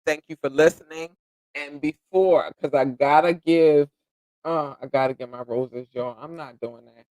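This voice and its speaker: A man's voice: a little high, fairly even intonation, moderate pace, dry recording, rough recording. Effusive man hosting a podcast. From United States. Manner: effusive and grateful, repeating thanks and shout-outs; rambling, self-correcting, occasionally tongue-tied. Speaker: podcast host. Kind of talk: casual solo podcast chat.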